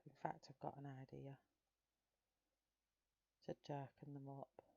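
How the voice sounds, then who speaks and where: Low-voiced chatty woman. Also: little pitch movement, a little slow, gravelly, mellow, no room sound, lo-fi sound. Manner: chatty, rambling, greets viewers by name. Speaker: colouring channel host. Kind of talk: casual chat while colouring live.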